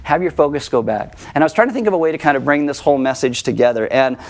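A man preaching a sermon as pastor, conversational and self-deprecating, slowing down for emphasis. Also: on the high side, animated.

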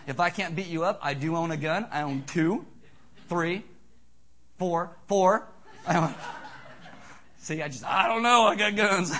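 A middle-aged man pastor preaching a sermon in an animated, joking, emphatic way. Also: fairly high pitch.

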